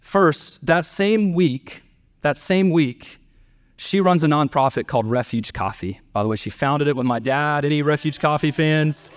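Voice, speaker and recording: Preaching a sermon to his congregation, a middle-aged pastor earnestly shares a family story, lifting his voice higher to act out those he quotes. He speaks a little slowly, and there's no echo.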